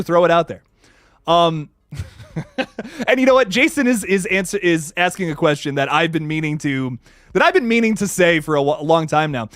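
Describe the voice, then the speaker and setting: Lively, excitable man hosting a horror livestream. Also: on the high side, no echo, clean studio sound. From Ohio, USA. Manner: excitable, casual and profane, frequent laughs. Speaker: YouTube horror channel host. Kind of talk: livestream chat, reading viewer comments.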